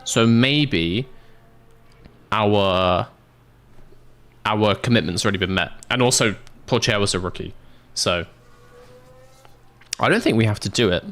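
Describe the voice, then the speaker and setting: A man's voice: on the low side, measured pace, pauses often, a bit bright. A British man streaming a game, chatting casually with viewers, laughing often. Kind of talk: casual livestream chat.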